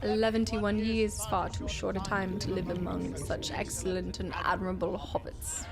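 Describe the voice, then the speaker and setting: A woman's voice: mid-range voice, level tone, normal speed, gravelly, loud music behind the voice, natural voice. A woman voicing an elderly male hobbit who gives a formal birthday speech, in a recited, ceremonious way.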